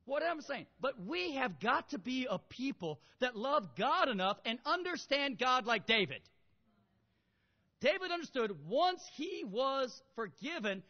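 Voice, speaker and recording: Man, preacher, very high voice, animated sermon, long hall reverb, dull lo-fi sound. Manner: animated, swings from quiet storytelling to loud exhortation.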